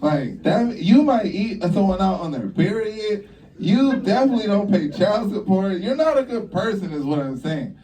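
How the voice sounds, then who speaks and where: A young man doing a stand-up routine on a comedy club stage, brash and profane, acting out both sides of his stories with sudden jumps in pitch. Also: animated, moderate pace, warm tone, distant mic.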